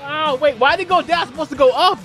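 High-voiced, excitable male game commentator. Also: quick pace, soft background music. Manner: animated, jokey, shouts and laughs at big moves. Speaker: live stream host and wrestling game commentator.

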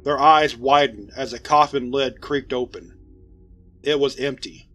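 A man narrating a horror story in a steady, measured read. His voice sits in a middle range. Soft music runs faintly beneath him. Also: mid-range voice. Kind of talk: scripted story reading.

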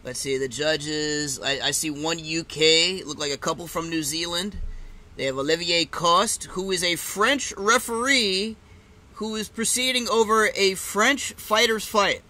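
A man calls the fight casually for his live stream audience, his voice pitched high and ringing very bright. He talks loosely, swears freely and erupts into shouts when a fighter goes down. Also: measured pace. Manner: excitable, swears, shouts at big moments. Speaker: live stream reaction host.

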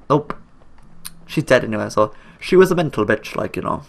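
A man's voice: medium pitch, animated, moderate pace, gravelly. A young man with an Irish accent, rambling jokily over a video game he plays, talking back at the characters on screen and swearing a lot. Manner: coarse slang and swearing. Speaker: gaming YouTuber. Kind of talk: let's play commentary.

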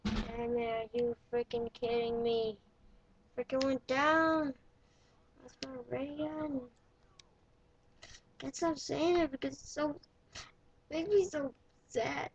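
A woman giving casual gameplay commentary, excitable and playful, often yelling when in danger. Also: sits high, slow, pauses often. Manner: playful, swaps swearing for mild words. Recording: dull lo-fi recording with faint noise.

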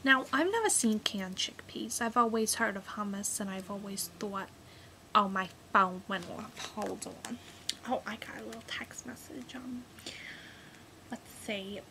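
A woman's voice: medium pitch, measured pace, a little hiss or hum, close to an everyday voice, poor audio. A woman playing a touchy, rambling mother who is proud of her Italian heritage, with lots of fillers and defensive outbursts in a comic character monologue. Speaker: character vlogger.

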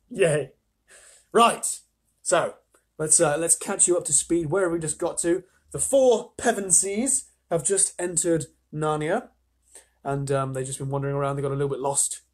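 A man reading a children's story aloud on a live stream, chatty, with playful asides, his voice slightly husky. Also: a little high.

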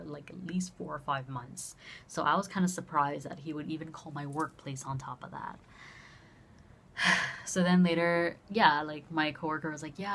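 A young woman with a notably low, deep voice tells a personal story straight to the camera in a relaxed vlog. She talks animatedly, swears without a second thought, and slips into quick impressions of the people she is quoting. A faint hiss of noise sits under her voice. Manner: animated, swears freely, acts out dialogue. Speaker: vlogger. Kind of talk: casual storytelling.

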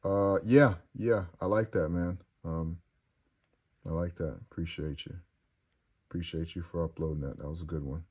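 A deep-voiced man hosting a loose, casual chat and reading out comments from his viewers. His talk is crude and joking, and it rambles from one thing to the next. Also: fairly even intonation, moderate pace, darkish tone, breathy edge.

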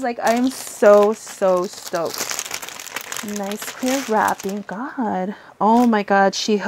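A young woman, talking in a giddy, gushing rush as she unboxes items. Her voice sits a little high, with frequent giggles and the odd swear word between casual chat to viewers. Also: expressive, moderate pace, darkish tone, a little hiss or hum. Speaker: tarot reader and unboxing vlogger. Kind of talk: excited casual unboxing vlog.

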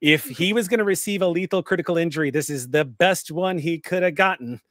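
A man as game master, narrating a tabletop game with vivid, deliberate description. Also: on the high side, a bit bright, no room sound, clean studio sound.

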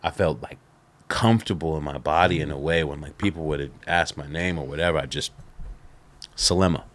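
A middle-aged man, a podcast guest, telling stories in a casual interview, animated and laughing, with lots of "like" fillers. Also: very deep voice, a little fast.

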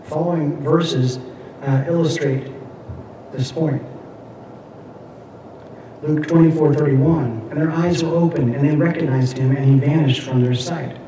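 A man with a fairly high but dark, steady voice teaches a Bible class, lecturing and reading scripture aloud. He's halting, with frequent fillers and restarts. The recording is from an echoey room with a distant mic and slight background noise.

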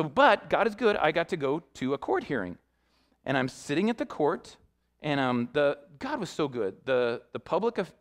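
A young man, a youth pastor, preaching a sermon built around a personal story, talking in an animated way and acting out the people he quotes. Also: a little high. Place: church sanctuary.

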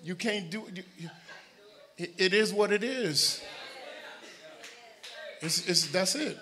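Man, pastor, high voice, very bright tone, animated sermon, shouting and joking. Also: slow pace. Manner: animated preaching, swings from shouting to quiet asides, joking with the congregation. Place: church sanctuary.

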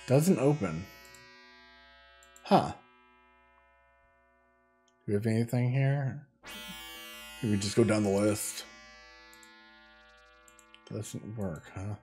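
In a casual let's-play, a gaming host with a lowish, mellow voice thinks aloud and reads the on-screen text, stumbling and restarting. He draws out his words and pauses often, with soft music playing behind him.

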